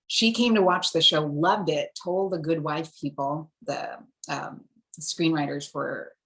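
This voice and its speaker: A woman from Singapore, an actor, telling stories in a lively, casual interview. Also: deep voice, measured pace. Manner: animated storyteller, switches accents.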